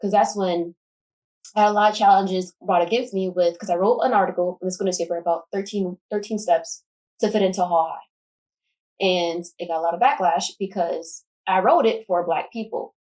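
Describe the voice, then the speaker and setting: A woman's voice: lowish voice, darkish tone, distant mic, low-quality recording. A young woman talking passionately in a casual discussion, packing her speech with fillers like "like". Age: young adult. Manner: passionate, fast, filler-heavy. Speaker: student guest.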